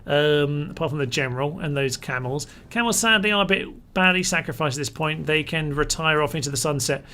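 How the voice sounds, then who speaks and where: Bright-voiced gaming host. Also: male voice, a little high, brisk. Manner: chatty, talks his units through orders. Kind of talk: live strategy game commentary.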